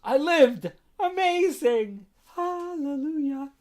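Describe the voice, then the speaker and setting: A man voicing a panicky, excitable teenage schoolgirl in a shrieking falsetto. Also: a little slow, vocal fry, heavily acted. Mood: relieved.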